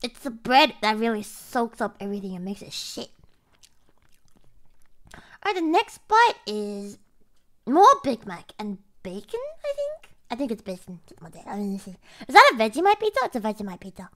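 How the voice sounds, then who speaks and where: A young woman streamer commenting on a food challenge to her viewers, dramatic and profane, swinging between low groans and shrieks. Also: huge pitch swings, moderate pace. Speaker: VTuber streamer.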